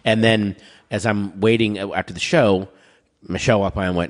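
A man in a casual chat, rambling through stories with quick asides, his throat dry so he keeps clearing it. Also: low-pitched, little pitch movement. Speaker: podcast guest.

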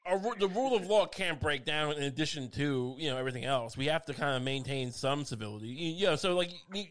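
A man in casual comedic podcast chat, rambling with halting restarts and deadpan mock outrage. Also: on the high side.

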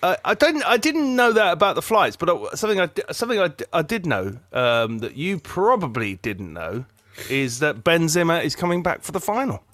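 Joky podcast guy talking football, dry close sound, bright tone. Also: fairly high pitch, sing-song, normal speed, few pauses, no echo. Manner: playful, jokey, stumbling restarts. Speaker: podcast co-host. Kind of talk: casual football chat.

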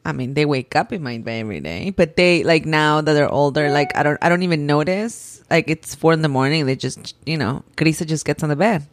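A woman in her thirties in casual chat, expressive and quick to react. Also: low voice. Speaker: podcast co-host.

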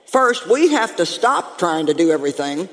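A woman pastor preaching a lively, humorous sermon to her congregation, calling out to them as she goes. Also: on the low side, normal speed, long reverb tail. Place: church sanctuary.

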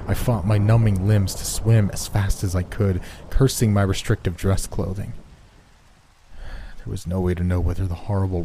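A man narrating a first-person horror story in a measured, somber way. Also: low-pitched, dark tone, a little hiss or hum, rough recording.

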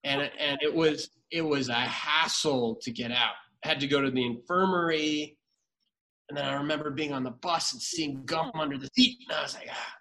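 A man's voice: a little high, steady tone, moderate pace, pushed and bright, poor audio. A man in his thirties, a podcast guest, chatting casually and telling stories, with many restarts. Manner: rambling storyteller with many restarts. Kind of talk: casual chat.

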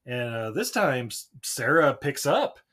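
A man co-hosting a podcast in casual chat, joking and laughing as he acts out film scenes in quick voices. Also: medium pitch, very animated, a bit bright. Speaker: podcast co-host. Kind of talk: casual chat recapping a movie.

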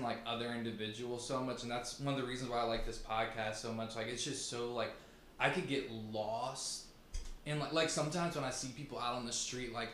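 A man's voice: medium pitch, a bit bright. A young man from Virginia, a podcast guest, chatting casually and loosely with many fillers and frequent laughs. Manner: laid-back, many "like" fillers, laughs often. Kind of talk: casual chat. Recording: echoey room, faint background hum.

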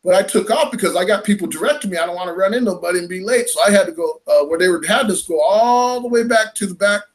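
A man casually telling a fishing tournament story, animated and laughing as he acts out what was said. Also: sits high, fast.

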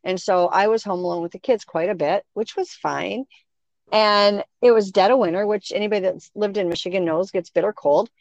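Woman spinning a lively yarn, dull dry sound. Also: mid-range voice, brisk, dry recording. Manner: animated, acts out quoted voices. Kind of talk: casual storytelling chat.

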